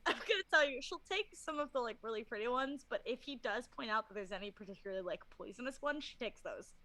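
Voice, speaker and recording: A woman's voice: on the high side, lively intonation, fast, sharp tone, rough recording. A woman playing in a tabletop game, chatting casually, laughing often and swearing freely. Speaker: player.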